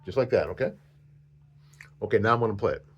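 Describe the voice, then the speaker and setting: A man's voice: fairly low pitch, animated, fast talker, husky, muffled recording. A man teaching a flute lesson on video, patient and repetitive, counting the student in.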